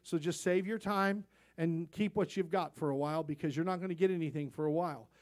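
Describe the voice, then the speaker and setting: High-voiced pastor preaching a folksy sermon. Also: male voice, a little fast. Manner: folksy storytelling, rising to emphatic peaks.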